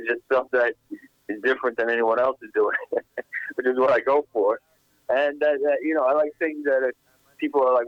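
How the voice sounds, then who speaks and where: A man who is a comedian guest on a radio show, answering enthusiastically with halting restarts. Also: medium pitch, no room sound, lo-fi sound. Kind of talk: radio interview.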